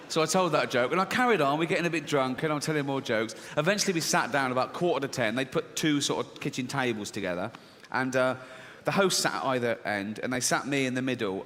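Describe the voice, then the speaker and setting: An English man doing stand-up comedy on a theatre stage, telling stories in a wry, conversational way. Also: medium pitch. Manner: wry, conversational storytelling with dark punchlines. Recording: hall reverb, faint noise.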